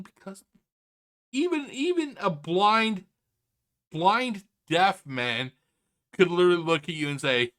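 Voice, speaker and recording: Exasperated, bright-voiced ranting man. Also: high-pitched, expressive, unhurried. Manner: exasperated, profane, opinionated rant. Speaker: reaction video commentator. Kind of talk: unscripted reaction commentary.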